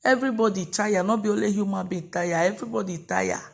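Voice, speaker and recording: A woman's voice: medium pitch, quick pace, creaky. A woman vlogger speaking Nigerian Pidgin, delivering an impassioned, repetitive rant of commentary in an opinion vlog.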